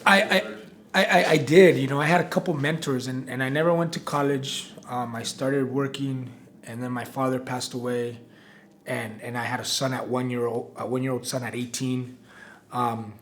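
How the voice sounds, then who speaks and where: A man's voice: medium pitch, slight background noise. A man in his forties, a restaurant operations director, telling stories in a casual interview, rambling and restarting with frequent "right?" tags. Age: 40s.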